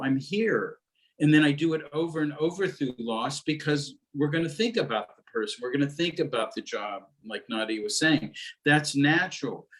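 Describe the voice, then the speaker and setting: A soft-spoken man guiding a reflective talk on grief and mindfulness. His pace is measured and he often stops to search for the right words. The sound is that of a video call conversation. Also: mid-range voice, poor audio. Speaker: mindfulness teacher.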